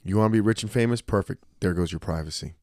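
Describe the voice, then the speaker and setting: A man's voice: lowish voice, quick pace, darkish tone, no echo, studio quality. A man hosting a podcast, talking casually in a blunt, profane, emphatic way. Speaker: podcast host and martial arts school owner.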